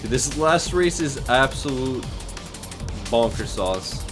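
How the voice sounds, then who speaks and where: A young man giving casual, excitable gameplay commentary, swearing and laughing often as he plays. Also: medium pitch, takes it slowly. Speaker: gaming streamer. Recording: loud game music behind the voice. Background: game music.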